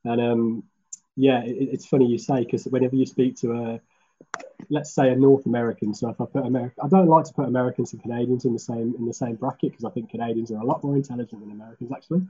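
Brummie man, police officer guest, laid-back and rambling; very dark, husky tone; muffled video-call audio. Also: mid-range voice, fast talker. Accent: Birmingham (Brummie). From Birmingham, England. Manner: relaxed, chatty, with frequent restarts. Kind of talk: casual interview over video call.

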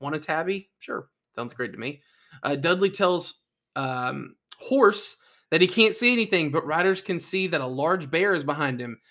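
A man's voice: a little high, expressive, normal speed, pushed and bright. A man co-hosting a casual podcast, reading facts aloud and breaking off into jokes and asides. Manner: reads ride facts then jokes and asides. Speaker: podcast co-host. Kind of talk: casual chat.

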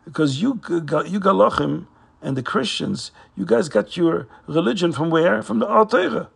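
A man voicing a calm, steadfast rabbi in a told story, earnest and raspy. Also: a little high, normal speed, voice pushed up, exaggerated voice. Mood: firm.

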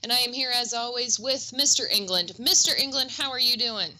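A woman's voice: a little high, fairly quick, sharp tone, slight background noise, rough recording. A middle-aged woman co-hosting a music teaching podcast, chatty and upbeat with self-deprecating asides. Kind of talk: casual educational podcast chat.

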